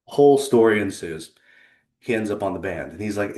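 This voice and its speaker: A man giving an earnest, conversational presentation on a video call, pausing for effect. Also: fairly low pitch, expressive, mellow, echoey room. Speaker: leadership consultant and presenter. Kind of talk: presentation to a remote audience.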